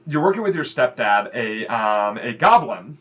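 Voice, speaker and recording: A man's voice: medium pitch, very animated, measured pace, a bit bright. A man narrating as game master of a tabletop game, rambling with many fillers and restarts.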